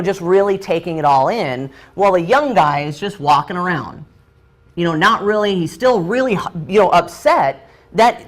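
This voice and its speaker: Guy running a training, just winging a story at the whiteboard, super casual. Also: fairly high pitch. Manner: loose and chatty, many fillers and restarts.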